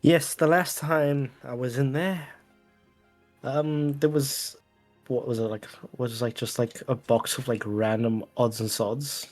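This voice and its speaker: A man's voice: medium pitch, steady tone, unhurried, darkish tone, soft background music. Man playing his tabletop game character. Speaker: player.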